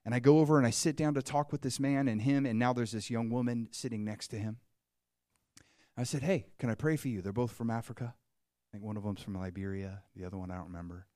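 A man preaching a sermon, telling a story with animated swings between hushed and excited delivery. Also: mid-range voice, fast, no echo, studio quality.

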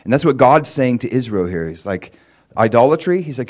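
A man's voice: medium pitch, sing-song, brisk, darkish tone. Man, American accent, pastor, casual teaching sermon, conversational, filler words, checks in with listeners. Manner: conversational, many fillers like "like" and "you know"; checks in with listeners by asking if it makes sense.

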